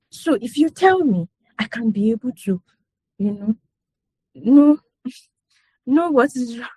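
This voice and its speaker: Her high, sing-song voice moves at a moderate pace as this woman speaks to a group at a parenting session, telling stories and laughing along the way. She is conversational and repetitive, frequently using "you know" and asking "do you understand." The audio has no room sound.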